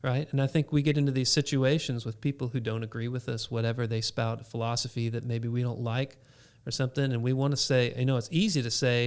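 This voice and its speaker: A man on a podcast, a father telling an animated story about faith and his young son in a casual chat. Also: mid-range voice, fast, clean tone. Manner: animated storyteller acting out scenes. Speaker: podcast co-host.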